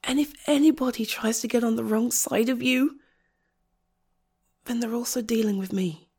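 A young woman speaking straight to the listener in a comfort role-play, fiercely protective and indignant, with exasperated sighs and moments that drop to a soft near-whisper. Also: on the high side, normal speed, breathy edge. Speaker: audio role-play creator.

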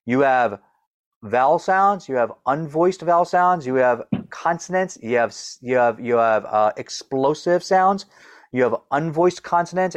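A middle-aged man who stutters, sometimes repeating the first sounds of words, speaks as a guest coach in a conversational interview and explains things with quick demonstrations. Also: fairly high pitch.

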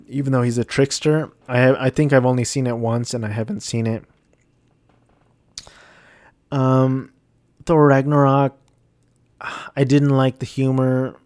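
A man's voice: mid-range voice, darkish tone, no echo, studio quality. A man giving a casual, rambling movie review, hesitant and self-deprecating.

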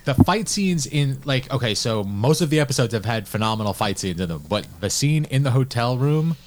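A man in casual chat as a co-host, laughing often and getting animated when he jokes. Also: mid-range voice, a little fast, background noise.

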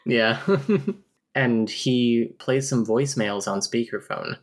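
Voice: medium pitch, takes it slowly. A co-host recapping a book in casual chat, reading passages aloud, teasing and giggling with lots of fillers. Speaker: podcast co-host.

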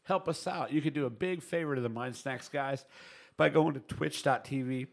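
A man's voice: mid-range voice, moderate pace, gravelly. A man hosting a live podcast, chatting casually and running through the show's plugs in a loose, joking way. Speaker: podcast host.

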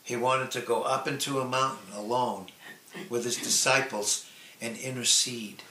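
Male preacher, sermon delivery, drawn-out earnest phrasing; echoey room, faint noise behind. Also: mid-range voice, steady tone. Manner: slow, earnest, drawn-out emphasis with soft trailing phrase endings.

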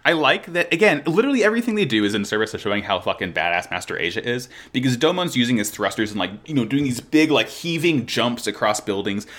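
Lively bright-voiced man recapping a show. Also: mid-range voice, fast, hardly any pauses. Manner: animated, laughing, acting out scenes. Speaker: podcast co-host. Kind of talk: casual chat.

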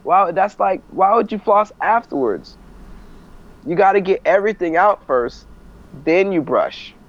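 A man's voice: high-pitched, animated, unhurried, highs cut off. A man who does stand-up, bantering playfully and arguing his point in a casual podcast chat. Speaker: stand-up comic and podcast guest.

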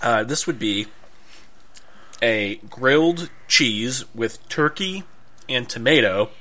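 Bright, playfully grand man co-hosting. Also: mid-range voice, expressive, slow. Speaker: podcast co-host. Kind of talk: casual chat.

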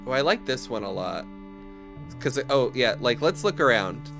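A man's voice: mid-range voice, big pitch swings, moderate pace, vocal fry, music in the background. A man chatting casually and joking with a friend while streaming a game, cursing often. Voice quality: joking, swears freely.

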